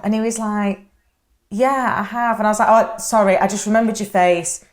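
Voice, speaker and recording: A woman's voice: mid-range voice, normal speed. A young woman with a Yorkshire accent, co-hosting a casual podcast and telling chatty, self-mocking stories. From England. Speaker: podcast co-host. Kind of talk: casual chat, storytelling.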